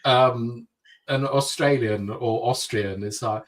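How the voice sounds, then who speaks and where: A man co-hosting a live-streamed fan show, talking in a lively, opinionated way with plenty of "like" and restarts. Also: medium pitch, slow pace. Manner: animated, opinionated, rambles with fillers. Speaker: podcast co-host. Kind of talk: casual live-stream chat.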